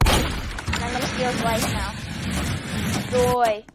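A woman with a fairly high voice and an unhurried delivery gives live commentary over her gameplay. She is excitable, exclaiming and trash-talking throughout. Clear background noise sits under her voice. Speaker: gamer.

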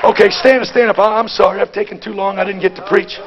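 High-voiced, gravelly fervent preacher man. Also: steady tone, quick pace, muffled recording, a crowd in the background, noisy background. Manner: fervent, swings from hushed asides to shouted exhortation; folksy, plain-spoken storytelling. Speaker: conference preacher. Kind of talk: Pentecostal sermon.

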